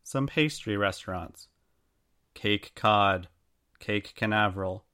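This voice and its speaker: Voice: deep voice, takes it slowly, bright, forceful tone. A podcast co-host reading a pun list in a dry, teasing manner. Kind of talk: casual podcast banter, reading pun lists.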